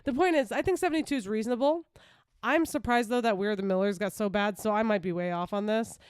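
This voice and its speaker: A woman talks through a podcast segment in loose, rambling casual chat, leaning on fillers as she goes. Her voice is smooth and clear, recorded close and dry. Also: medium pitch, quick pace, darkish tone, no echo. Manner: chatty, rambling, filler-heavy. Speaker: podcast co-host.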